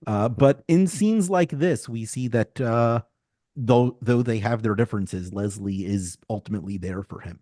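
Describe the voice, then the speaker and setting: A man's voice: fairly low pitch, moderate pace, mellow, no echo, studio quality. A man co-hosting a podcast in casual chat, articulate and analytical, making tidy points. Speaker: podcast co-host.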